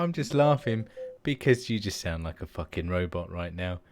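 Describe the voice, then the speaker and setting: A man's voice: deep voice, lively intonation, moderate pace, noisy background. A man in his thirties co-hosting a podcast, rambling casually with plenty of swearing and laughs. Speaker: podcast co-host. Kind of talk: casual chat.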